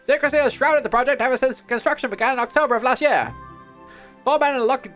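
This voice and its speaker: A woman putting on the voice of a brisk 1930s newsreel announcer, reading in an emphatic announcer cadence. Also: high-pitched, fairly bright tone, faint music behind, pitched above the performer's own voice. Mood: announcing. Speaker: streamer. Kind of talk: mock newsreader voice.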